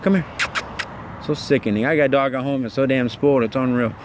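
Man, mid-pitched, venting angrily on his phone with traffic noise all around. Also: fairly even intonation, fast. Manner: upset, ranting, swearing. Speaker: vlogger. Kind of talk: ranting phone vlog. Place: outdoors at a work site, near traffic.

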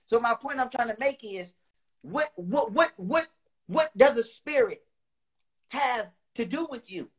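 A man delivering a heated, profane monologue to his viewers. He repeats lines for emphasis, with loud bursts between lower, quieter stretches. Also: animated, a little slow, slightly rough. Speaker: online speaker.

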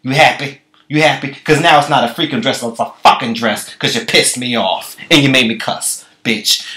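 A man vlogging, telling a profane comic story in an animated, chatty way. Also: mid-range voice, moderate pace. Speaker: comedy vlogger. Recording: echoey room.

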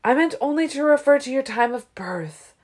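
A woman reading an audiobook, voicing an ancient male vampire leader who speaks in a tolerant, silky, falsely gentle way. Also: high-pitched, animated, moderate pace, voice pushed up. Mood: smooth, condescending.

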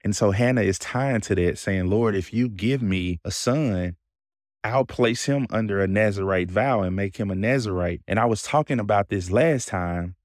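A man's voice: on the low side, moderate pace, no room sound, clean studio sound. A man with a Southern accent hosting a Bible podcast, explaining scripture in a conversational way and asking his listeners questions. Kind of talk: casual Bible teaching.

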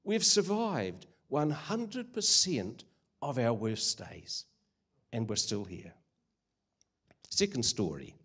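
A man's voice: medium pitch, big pitch swings, takes it slowly, pauses often, fairly bright tone, breathy edge. An older man preaching a sermon, earnest and conversational with frequent hesitations. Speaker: guest preacher.

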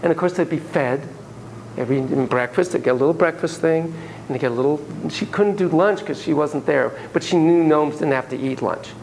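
A man lecturing a class, telling stories in an animated, playful way and acting out sound effects. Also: fairly high pitch, fairly quick, creaky, a little hiss or hum, low-quality recording.

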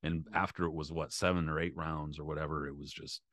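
A man's voice: rumbling low, flat delivery, a little fast, a bit bright, dry recording. A man co-hosting a boxing podcast, talking loosely with lots of swearing and filler words. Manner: loose, profane, many fillers. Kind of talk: casual chat.

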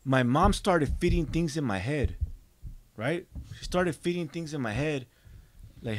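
A man's voice: a little high, animated, unhurried, no echo. A man, a guest on a podcast, telling his own story in a blunt, emphatic, profane way. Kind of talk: casual storytelling.

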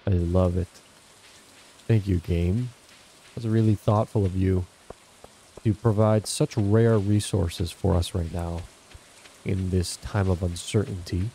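Mellow-voiced man chatting over gameplay. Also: low-pitched, steady tone, slow, pauses often, slight background noise. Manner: chatty, self-talking while playing. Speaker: gaming channel host. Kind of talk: casual gameplay commentary. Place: home, indoors.

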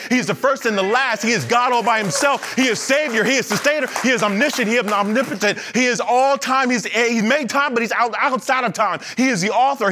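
A man preaching a sermon as pastor in a church, animated, with playful asides and acted-out quotes. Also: very high-pitched. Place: church sanctuary.

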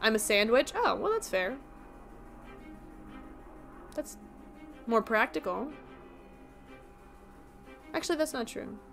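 A woman's voice: a little high, big pitch swings, vocal fry, a bit bright, faint music behind. A young woman streaming a game, chatting casually and laughing as she riffs on her viewers' jokes. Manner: chatty, giggly, quick to riff on jokes.

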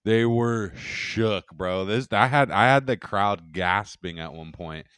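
Low, smooth-voiced man, boastful chatter. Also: slow, fairly bright tone, dry recording, clean studio sound. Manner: profane, boastful, rambling storytelling. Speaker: podcast co-host and stand-up comic. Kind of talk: casual podcast chat.

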